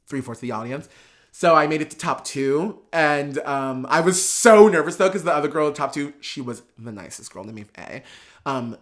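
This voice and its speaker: A man guest on a chat show, telling a casual story in an excitable, gushing way with many fillers. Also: on the high side. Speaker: podcast guest, drag performer.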